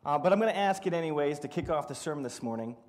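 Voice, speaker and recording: A man's voice: a little high, lively intonation, racing. A middle-aged man preaching a sermon, telling funny stories and acting out what people said. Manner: storytelling, humorous, acts out quotes. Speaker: pastor.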